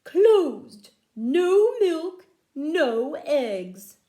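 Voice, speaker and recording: A woman voicing a herd of polite but stubborn cows on strike, reading their letters in a squeaky, drawn-out storybook voice. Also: sing-song, mellow, roomy sound, heavily acted. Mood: defiant.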